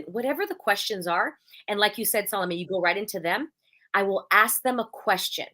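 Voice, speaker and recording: A woman's voice: medium pitch, animated, fairly quick, fairly bright tone. A woman hosting a casual podcast chat, blunt and emphatic, acting out little quoted exchanges. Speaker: podcast host.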